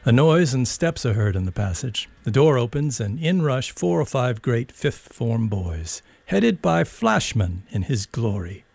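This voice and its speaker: Gravelly, husky male storyteller, dry sound. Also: medium pitch, no room sound. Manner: measured, expressive narration. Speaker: narrator. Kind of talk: storybook reading.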